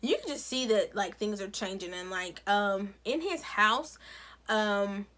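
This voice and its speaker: A woman recapping a TV episode with sassy, animated commentary. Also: medium pitch, measured pace. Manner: sassy, expressive storytelling with playful asides. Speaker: recap vlogger.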